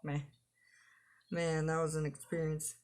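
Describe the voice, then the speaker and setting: A woman's voice: deep voice, level tone, unhurried, a little mellow. A woman reading the lines of a friendly grown man from a dating game, stammering and gushing. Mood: excited.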